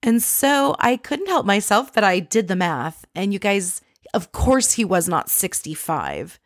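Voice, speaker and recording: A woman recapping a reality show for her viewers in an animated, gossipy way, swearing casually as she tells the story. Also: mid-range voice, unhurried, no echo, studio quality.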